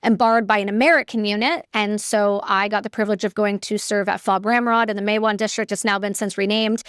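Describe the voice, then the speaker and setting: A woman's voice: medium pitch, fairly even intonation, fast, fairly bright tone, clean tone, no room sound, studio quality. A woman, a guest telling her story in a candid, chatty way with casual fillers. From Canada. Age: 30s. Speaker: guest, military veteran.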